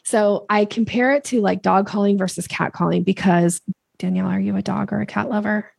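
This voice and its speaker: Brief: woman sales coach, podcast guest, gravelly and husky, animated, pops into playful quoted voices, dry close sound. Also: fairly quick, no echo. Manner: animated, acts out quoted voices with big pitch jumps. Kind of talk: podcast interview talk.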